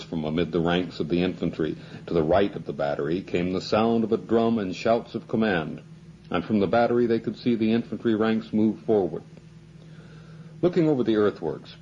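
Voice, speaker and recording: A man reading a novel aloud as scripted narration, in a measured way. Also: fairly low pitch, warm tone, lo-fi sound, slight background noise. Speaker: audiobook narrator.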